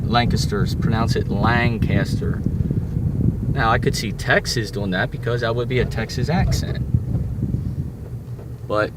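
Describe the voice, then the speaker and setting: A man talks from the cab of his truck while he drives, vlogging in a loose, rambling way and catching his own slips. His voice sits at a medium pitch. Heavy road and engine noise fills the recording behind him. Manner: rambling, self-correcting, chatty. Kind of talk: casual driving vlog commentary. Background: vehicle engine noise.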